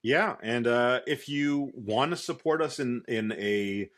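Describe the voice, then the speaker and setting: A man co-hosting a casual podcast, laid-back and halting, with lots of fillers. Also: mid-range voice. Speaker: podcast co-host. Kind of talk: casual chat.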